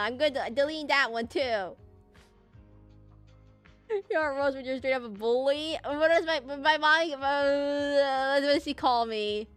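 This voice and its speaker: A woman's voice: high voice, big pitch swings, moderate pace, smooth, no echo. Young woman, casual gameplay streamer, chatty and giggly, faint game music underneath. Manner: rambling, laughing, talking to chat.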